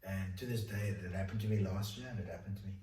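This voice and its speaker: A man's voice: low voice, fairly even intonation, rapid-fire, warm tone, slight background noise. A South African man giving a candid personal testimony in conversation, telling it in an informal, rambling way with many fillers and restarts. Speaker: guest telling his faith story. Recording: echoey room, voice picked up from a distance.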